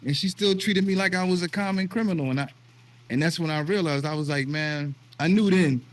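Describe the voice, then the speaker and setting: A man's voice: fairly high pitch, fairly quick. A middle-aged man from the United States, hosting a casual conversation and telling personal stories in an earnest, emotional way with frequent restarts. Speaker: vlog host.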